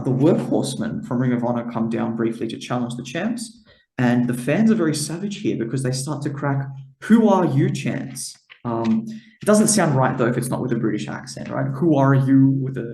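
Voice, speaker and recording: This podcast co-host, a man of the Greek diaspora, has a creaky, warm, medium-pitched voice that echoes around him. He reads through a wrestling recap, filling it with plenty of "uh"s and "um"s.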